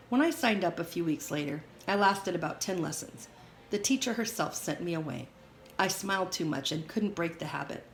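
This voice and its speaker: A woman reading a memoir aloud in a steady, measured way. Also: fairly low pitch. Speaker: audiobook reader. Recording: roomy echo, faint hiss.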